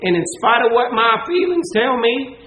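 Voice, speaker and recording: A man's voice: extremely high pitch, very animated, moderate pace, pushed and bright, reverberant, slight background noise, low-quality recording. A man preaching a sermon to his congregation in an earnest, conversational way, asking them questions, his voice giving out. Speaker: pastor. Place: church sanctuary.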